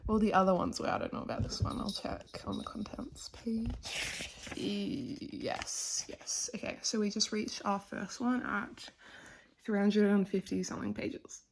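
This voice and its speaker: A woman's voice: mid-range voice, flat delivery, normal speed, background noise. A young woman chatting casually in a reading vlog at home by her bookshelves. She gushes about what she reads and often drops into a near whisper. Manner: gushing and chatty, drifts into whispers and laughter. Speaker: book vlogger.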